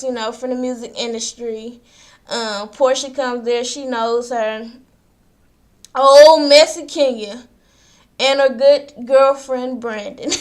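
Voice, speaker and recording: A woman vlogger giving a casual, gossipy recap, chatting straight to her viewers with asides. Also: sits high. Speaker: vlogger recapping a reality show.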